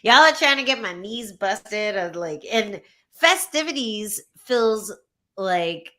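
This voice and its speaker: A woman co-hosting a podcast in laid-back casual chat, slangy and quick to laugh. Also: mid-range voice, animated, sharp tone. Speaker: co-host, fighter.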